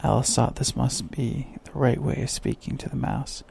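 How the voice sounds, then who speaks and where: A man reads a bedtime sleep story in a slow, soft manner. His voice is deeply gravelly and mellow, with a husky texture. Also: steady tone. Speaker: narrator.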